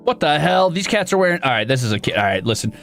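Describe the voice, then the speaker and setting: A man streaming and chatting casually, excitable and profane, with sudden loud outbursts. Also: on the high side, quick pace, gravelly, faint music behind. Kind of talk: casual live-stream chat.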